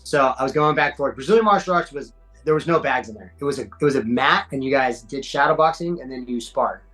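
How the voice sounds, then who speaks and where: A middle-aged man, a podcast guest telling fight stories in a slangy, animated way. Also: medium pitch, fast, soft background music, low-quality recording. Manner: animated, acts out quoted voices, slangy. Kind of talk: casual storytelling.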